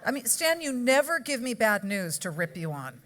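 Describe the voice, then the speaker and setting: A Californian woman with a rather high, slightly bright voice gives a chatty after-dinner award speech at a charity gala in a banquet hall. Speaking at a normal pace into a podium microphone, she stays very animated and tosses joking asides to the audience.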